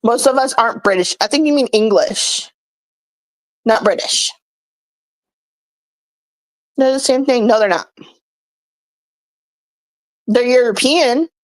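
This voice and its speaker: A young woman with a fairly high voice vents straight into the camera. She scolds bluntly and swears freely, in the loose, heated flow of a commentary vlog. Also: slow, long pauses, no room sound, low-quality recording. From United States. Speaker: vlogger reacting to comments. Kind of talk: ranting commentary.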